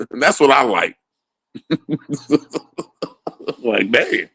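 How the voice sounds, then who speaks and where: A man's voice: medium pitch, sing-song, very slow, vocal fry, a bit bright, husky. A man ranting casually about politics, swearing a lot and laughing often between points. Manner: profane, rambling, laughs often.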